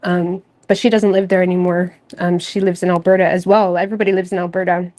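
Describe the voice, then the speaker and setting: A woman from Nova Scotia, Canada, hosting a tarot channel, chatting casually and candidly with viewers in a rambling way, full of fillers and soft laughs. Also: on the low side, level tone, fast. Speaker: tarot reader and channel host. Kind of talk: casual livestream chat.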